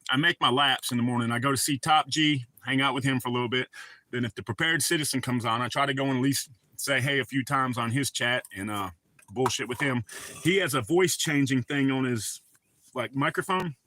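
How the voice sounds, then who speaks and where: A man's voice: medium pitch, a little fast, sharp tone, no echo. A middle-aged man hosting a laid-back morning live chat from home, rambling and swearing freely. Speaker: live stream host. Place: at home with his dogs.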